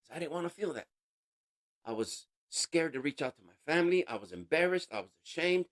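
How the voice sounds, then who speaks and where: A man giving an emotional personal testimony as an interview guest, halting and casual, with street slang. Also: on the high side, animated. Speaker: interview guest sharing a recovery story.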